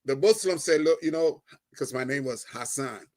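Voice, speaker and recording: A middle-aged man giving a personal testimony as a guest, telling it in an animated way, acting out the dialogue and often checking in with "right?". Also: on the high side, normal speed. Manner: animated storyteller, keeps adding "right?"; acts out quoted dialogue.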